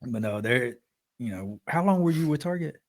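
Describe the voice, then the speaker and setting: Male, 30s, animated raconteur, mid-pitched. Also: moderate pace. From Alabama. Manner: animated storyteller, acts out quoted voices. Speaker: podcast co-host. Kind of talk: casual storytelling chat.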